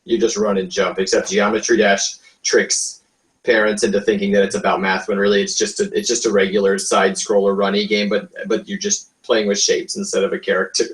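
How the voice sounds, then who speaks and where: A man with a fairly low voice chats on a casual comedy podcast. He speaks haltingly, often stopping to restart a sentence. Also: completely flat delivery, rough recording. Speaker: podcast co-host.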